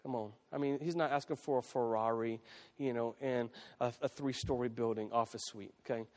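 A man's voice: medium pitch, steady tone, brisk, a little mellow. A man preaching a sermon as pastor, talking in a conversational way with frequent restarts and repeated phrases. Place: church sanctuary. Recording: long reverb of a church hall.

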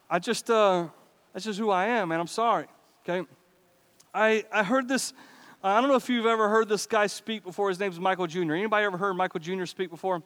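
A man's voice: high-pitched, fast, fairly bright tone, clear, resonant tone. A man preaching a sermon as pastor of a church, in a casual, conversational way with asides and laughs. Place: church sanctuary. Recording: reverberant hall.

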